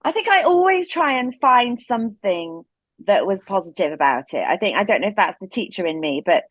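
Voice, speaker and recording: A woman's voice: mid-range voice, very animated, brisk, no room sound. A woman, an actress and guest co-host, reflecting aloud in casual podcast chat.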